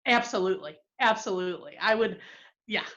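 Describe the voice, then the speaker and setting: A woman from Michigan, calling in to a podcast and telling a story in a casual, excited way, with halting restarts. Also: medium pitch, lo-fi sound. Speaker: caller sharing a memory.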